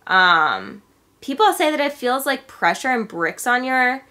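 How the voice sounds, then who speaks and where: Bright-voiced young woman vlogger. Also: high-pitched, very animated, a little slow. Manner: chatty, heavy on filler words. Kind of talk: casual vlog chat.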